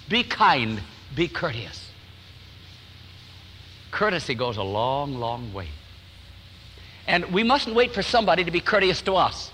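A man's voice: on the high side, very animated, unhurried, long pauses, in a large hall, slight background noise, rough recording. An older man preaching a sermon in a church sanctuary, telling stories and acting out what people said. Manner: warm storytelling, acts out quotes, chuckles often. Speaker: pastor.

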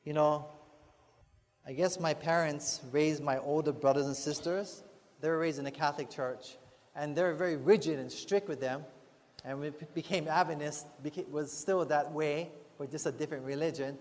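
A man's voice: on the high side, steady tone, normal speed, darkish tone. A man preaching a sermon in a church, earnest and conversational, often adding rhetorical asides to the congregation. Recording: long hall reverb, faint music behind.

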